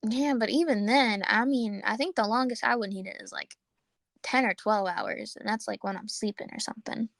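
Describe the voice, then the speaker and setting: A young woman co-hosts a casual podcast and chats loosely with a friend. She swears freely and laughs often as she tells her stories. Her voice sits at a middle pitch and is recorded close and dry. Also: moderate pace, gravelly, dry recording. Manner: laughing, swearing, animated storytelling. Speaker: podcast co-host. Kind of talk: casual chat.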